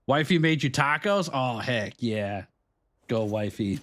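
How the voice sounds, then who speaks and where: A man's voice: medium pitch, expressive, unhurried, fairly bright tone, a little hiss or hum. A young man casually chatting with his live-stream viewers while playing, upbeat and chatty, laughing often and greeting people by name. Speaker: streamer host. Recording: game music behind voice.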